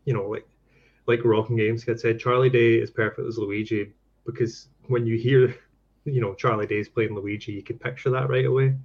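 A man's voice: mid-range voice, fairly even intonation, moderate pace. Man in loose podcast chat, dull sound. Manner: loose, hedging with lots of "you know" and "like". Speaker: podcast co-host. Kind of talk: casual chat.

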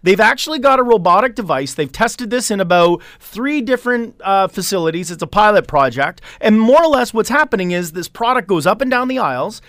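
A Canadian-accented man with a notably high voice talks tech on the radio in a loose, rambling way, full of "uh"s and restarts. The sound is close and dry, with no room around it. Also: fairly bright tone, no room sound. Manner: chatty, rambling with many fillers. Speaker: tech segment guest. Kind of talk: casual radio chat.

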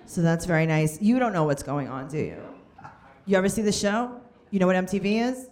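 A woman's voice: fairly low pitch, expressive, fairly quick, a little mellow. A woman co-hosting a live podcast before an audience, recapping a reality show in a casual, joking way and mocking the people in it. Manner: joking, chatty, drops into mocking quoted voices.

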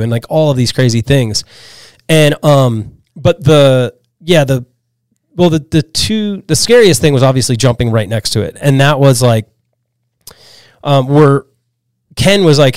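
A man from Pennsylvania telling a story as a podcast guest, animated and full of "like"s and restarts. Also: medium pitch, normal speed, smooth, no echo. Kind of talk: casual storytelling chat.

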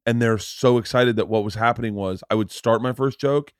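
A man hosting a podcast, telling family stories in an animated, casual way, swearing freely. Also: medium pitch, a little fast, clear, resonant tone, no room sound, clean studio sound. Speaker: podcast host. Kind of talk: casual conversational storytelling.

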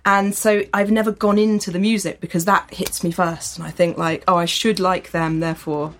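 A woman's voice: fairly low pitch, level tone, normal speed. A woman guest writer in a casual chat, enthusiastic and laughing between thoughts.

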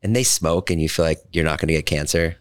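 A man's voice: a bass voice, steady tone, quick pace, no echo, studio quality. A man hosting a podcast, chatting casually and animatedly, telling stories and swearing for emphasis. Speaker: podcast host. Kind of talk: casual chat.

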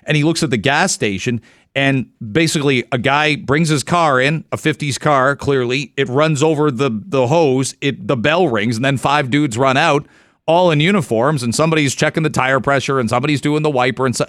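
A middle-aged man hosting a radio talk show, chatting casually and spinning anecdotes. He slips into quick acted-out exchanges mid-story. His voice sits at an ordinary pitch and is recorded dry and close in a studio. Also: a bit bright, dry recording.

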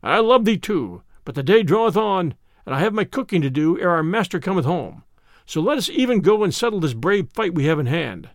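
A man's voice: sits high, very animated, fairly quick, no room sound, studio quality. A man doing a sweet-voiced merry cook. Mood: coaxing. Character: sly merry household cook, man, fond of song.

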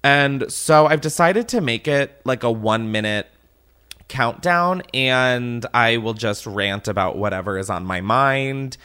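A man's voice: medium pitch, lively intonation, a little slow, pushed and bright, clear, resonant tone. A man hosting a podcast, ranting casually and exasperatedly with lots of swearing. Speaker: podcast host.

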